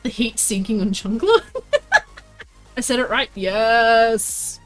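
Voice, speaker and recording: A woman's voice: a little high, steady tone, slow, soft background music. A woman livestreaming while she crafts, chatting to viewers in a bubbly, playful way and often singing or laughing. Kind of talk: casual live-stream chat while crafting.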